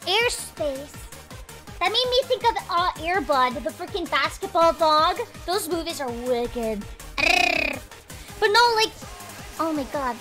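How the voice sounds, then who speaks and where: A woman's voice: extremely high pitch, animated, slow pace, sharp tone. A young woman hosting a casual livestream, chatting in a bubbly, rambling way at her home desk. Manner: bubbly, rambling, heavy "like" and "freaking". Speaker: livestream host. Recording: faint music behind.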